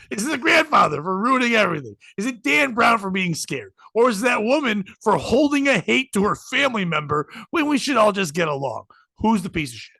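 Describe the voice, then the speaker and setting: High-voiced man telling a rowdy story. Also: sing-song, fairly quick, creaky, no echo. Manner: acts out quotes with shouting, swearing, laughing. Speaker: comedian podcast host. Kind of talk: animated comedic storytelling.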